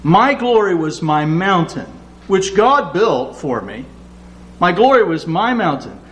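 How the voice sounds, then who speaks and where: A man preaching a sermon, acting out quoted prayers with lively rises in his voice. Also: high voice, unhurried. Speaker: pastor.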